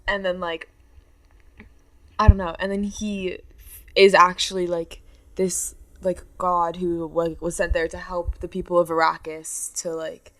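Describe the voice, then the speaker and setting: A woman's voice: on the low side, level tone, measured pace, low-quality recording. Rambling teenage girl podcast co-host. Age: teens. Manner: rambling, fillers of "like". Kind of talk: casual podcast chat.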